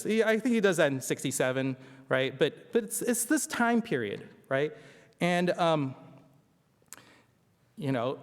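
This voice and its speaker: At a symposium, a man presents a history lecture in a conversational style, regularly asking the audience rhetorical questions. His slightly high voice swings widely in pitch, moving at normal speed with frequent pauses, under long hall reverb.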